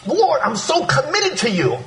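A man voicing an excited, eager young male disciple calling out in a high, rushed voice. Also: reverberant, a little hiss or hum, full character voice.

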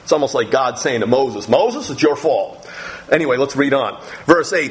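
A man preaching a sermon, reading scripture aloud and acting out the quoted voices with sudden, dramatic lifts in his voice. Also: normal speed. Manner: animated, acts out quoted speech with big pitch jumps.

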